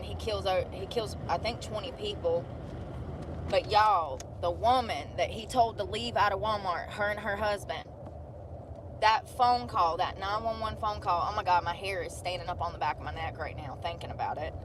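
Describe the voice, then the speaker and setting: A woman in her thirties chatting casually on a vlog, blunt and rambling, swearing freely as she tells stories. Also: mid-range voice. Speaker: vlogger. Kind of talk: casual chat. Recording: noisy outdoor street ambience.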